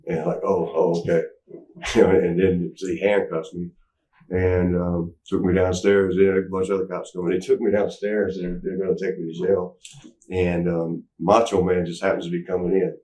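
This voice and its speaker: A man in his forties telling a candid story as an interview guest, rambling and halting with many restarts and fillers. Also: low-pitched, a little mellow. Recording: roomy echo, mic at a distance.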